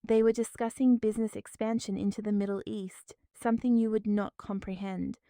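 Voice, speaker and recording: A cold, dignified businesswoman speaks with calm authority in a storybook drama, as a woman reads her. Her tone is smooth and mellow, and the sound is dry and close. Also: mid-range voice, a little fast, no echo, natural voice. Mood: coldly calm.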